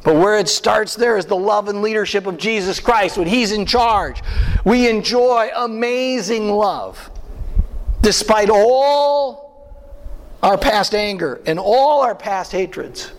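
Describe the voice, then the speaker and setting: A man preaching a sermon as pastor, animated and full of rhetorical questions and asides to the congregation. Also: high voice, unhurried. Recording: long hall reverb.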